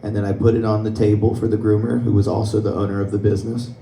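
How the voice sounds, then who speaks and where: Performing a stand-up set in a club, a young man tells stories in a conversational way and laughs at his own material. His fairly low voice barely moves in pitch and comes out fast, mellow and fried, with a slight hiss or hum. The distant mic picks up a roomy club sound.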